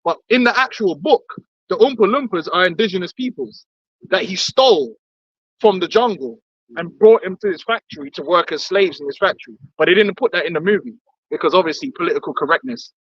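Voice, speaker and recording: A man's voice: high-pitched, lively intonation, fairly quick, a bit bright, breathy edge, no room sound. A man in heated religious discussion, blunt and swearing, mimicking other voices. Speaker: podcast co-host. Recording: dull lo-fi dry recording.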